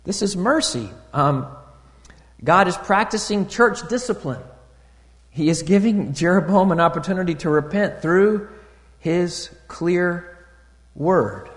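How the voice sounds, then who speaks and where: A pastor preaches a sermon in a relaxed, conversational style, slow and full of fillers, restarts, and frequent pauses. He rises loud and high to stress a point and drops soft for asides, and the sound carries the feel of a big room.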